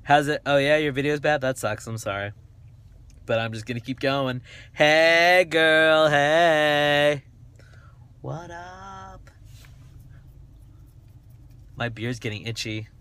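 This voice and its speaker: A man's voice: medium pitch, steady tone, brisk. Rambling, jokey man chatting in a car. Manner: rambling, jokey, sings snatches of songs. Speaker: livestreamer chatting with viewers. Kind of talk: casual live chat. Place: inside a parked car. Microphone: phone held in a car.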